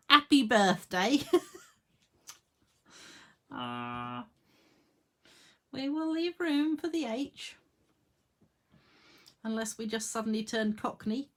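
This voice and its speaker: A woman's voice: a little high, big pitch swings, extremely slow, long pauses. A woman demonstrating card making in a casual tutorial at her home craft desk, chatting to herself and her tools and laughing at her own jokes.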